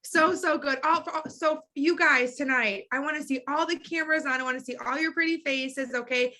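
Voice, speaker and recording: Woman, call host, gushing, excited, high voice, bright tone. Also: moderate pace. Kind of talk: hosting a team call.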